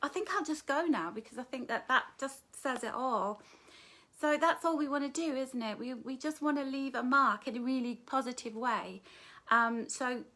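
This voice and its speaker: Chatty high-voiced Northern English woman. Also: moderate pace, pushed and bright. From England. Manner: chatty, affectionate, greets viewers by name with "darling" and "love"; giggly, self-deprecating humour. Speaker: author hosting a live book launch. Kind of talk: casual livestream chat to viewers. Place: home living room. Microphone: phone or webcam facing her.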